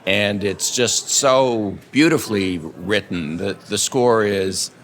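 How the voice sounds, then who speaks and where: A man with a lowish voice speaks slowly and haltingly, often restarting and hunting for the right word. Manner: halting, searching for words, many restarts. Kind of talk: interview answer.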